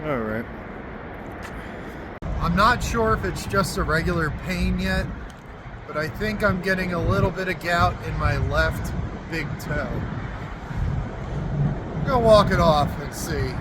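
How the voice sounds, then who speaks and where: A man's voice: high-pitched, unhurried, long pauses. A man vlogging on foot outdoors, talking in a laid-back, rambling, self-deprecating way into a handheld phone. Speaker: walking vlogger. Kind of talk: casual vlog monologue. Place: outdoors by a freeway and streets. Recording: outdoor traffic noise behind.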